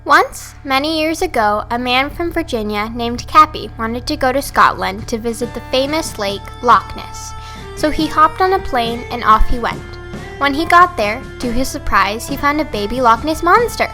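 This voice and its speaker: A woman's voice: sits high, lively intonation, normal speed, bright, forceful tone, soft background music. Woman reading a storybook aloud. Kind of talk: storybook narration.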